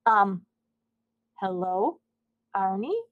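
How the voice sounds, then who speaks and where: A woman's voice: a little high, expressive, measured pace, narrow, tinny audio. A woman voicing a flustered, stammering grown man in a storybook reading. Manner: stammering, sheepish.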